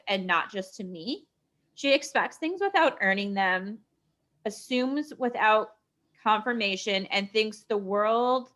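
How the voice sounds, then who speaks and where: A woman co-hosting a podcast, reading a story aloud in an even, steady way. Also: medium pitch. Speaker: podcast co-host.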